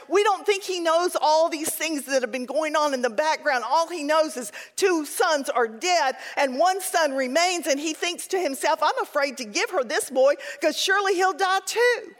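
Lady bible teacher, high voice, tells funny stories, big echoey hall. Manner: lively, humorous anecdotes. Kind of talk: Bible teaching with personal storytelling. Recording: long hall reverb.

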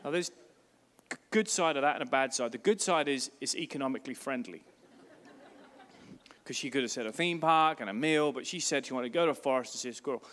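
A man's voice: mid-range voice, brisk, pauses often, a bit bright, big-room sound. A man, a pastor preaching a sermon, telling stories with emphasis.

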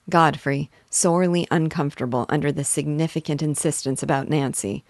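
A woman teacher reads a classic novel aloud, measured and expressive. Her voice is low-pitched, and the recording is dry and close with no room sound. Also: dry recording. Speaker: literature teacher.

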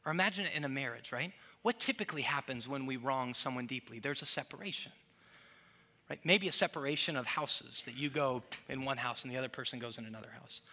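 A man, likely in his thirties, preaching a sermon as pastor, building to emphatic peaks and dropping soft to act out little scenes. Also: mid-range voice, fast. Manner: preaching with rising emphasis, quoting his toddler in soft voices.

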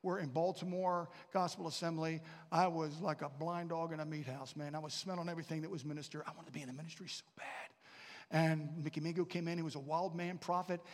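A pastor with a fairly high voice preaches fast with fairly even intonation, and the recording carries the long reverb of a large hall. His sermon is full of stories, with asides and questions to the congregation.

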